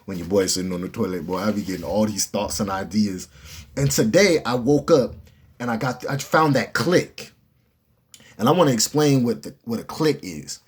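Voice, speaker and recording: A young man casually telling a storytime to the camera, animated and slangy, with profanity and asides to the viewer. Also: fairly low pitch, moderate pace, slightly rough.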